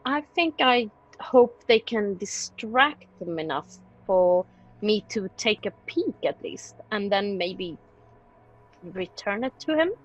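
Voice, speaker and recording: A woman's voice: mid-range voice, lively intonation, slow pace, highs cut off. A woman playing a tabletop game, thinking aloud in a hesitant way. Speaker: player.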